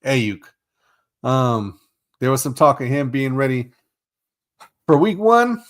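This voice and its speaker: A man's voice: mid-range voice, sing-song, takes it slowly. Profane, exasperated man ranting about sports. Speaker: podcast host. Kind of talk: casual sports podcast monologue.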